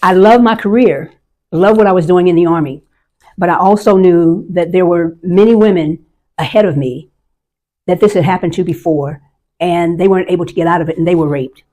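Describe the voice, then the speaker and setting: A woman's voice: lowish voice, fairly quick, dark tone. A woman in her sixties, an army veteran, telling a personal story in a candid and emotional way. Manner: candid, emotional, vivid recounting.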